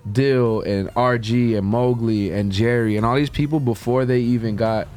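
Speaking at a moderate pace with fairly even intonation, a young man's mid-range, darkish voice carries a relaxed interview chat. He's a guest DJ and talent scout, and his rambling talk is sprinkled with plenty of "like" and "man."

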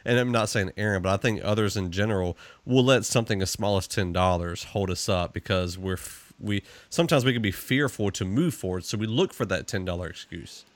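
A man hosting a casual interview, reflecting in a relaxed way and often restarting his sentences. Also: fairly low pitch, fairly quick, few pauses, no room sound. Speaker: interview host.

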